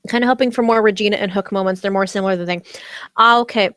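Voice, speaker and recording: An American woman vlogger in a loose, rambling chat, full of "um"s, restarts and giggly bursts of excitement. Her pitch sits in an ordinary middle range. The sound is close and dry, with no room behind it. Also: quick pace, no echo. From United States. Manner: rambling, with many fillers and restarts, giggly enthusiasm. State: talking around a candy in her mouth. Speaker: vlogger recapping a TV episode. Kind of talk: casual livestream chat.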